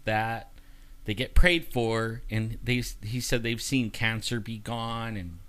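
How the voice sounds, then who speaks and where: A man's voice: fairly low pitch, steady tone, slow, a bit bright, clean tone. A man guest telling a personal story in casual talk, acting out the voices he quotes and laughing often.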